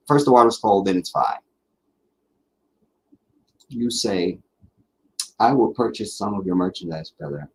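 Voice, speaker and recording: A man with a mid-range, slightly mellow voice hosts a casual live stream, reading viewer comments, rambling, repeating himself and laughing easily. The audio is poor, with a little hiss or hum.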